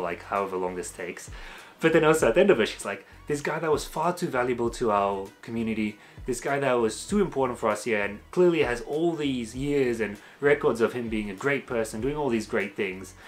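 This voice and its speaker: A man's voice: medium pitch, expressive, quick pace. A man giving a casual, ranting spoken review, exasperated and mocking, slipping into sarcastic quoted asides. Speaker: video reviewer.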